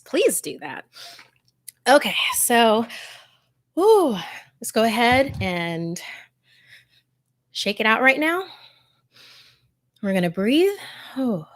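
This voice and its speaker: A woman hosts a relaxed livestream, talking warmly and effusively to her audience with plenty of ums and restarts. Her voice sits at an ordinary middle pitch. The sound is close and dry, with no room echo. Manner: warm, effusive and emotional, with many fillers. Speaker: host of a scary story channel. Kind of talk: casual livestream chat with viewer shout-outs.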